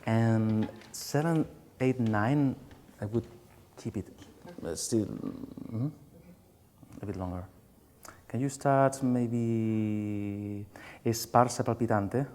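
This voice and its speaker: A man with a Spanish accent, a conductor coaching a singer in a master class, halting and searching for words, singing phrases to show what he means. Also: fairly low pitch, darkish tone. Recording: hall reverb, faint room noise.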